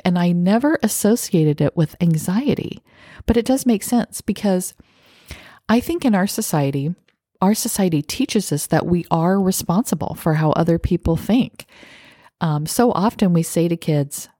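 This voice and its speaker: A middle-aged woman hosts a solo podcast in a dark-toned voice on the low side, recorded in studio quality with no echo. She talks earnestly and reflectively about her own habits, acting out short example phrases.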